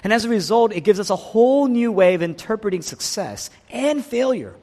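A man preaching a sermon, animated, swinging between loud emphatic lines and hushed, slow ones. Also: sits high. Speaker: pastor. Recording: long hall reverb.

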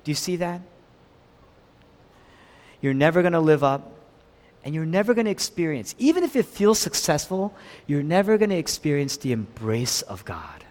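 A male pastor preaching a sermon emphatically, rising to strong peaks and then dropping low. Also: sing-song, moderate pace, long pauses, a little mellow. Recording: long hall reverb.

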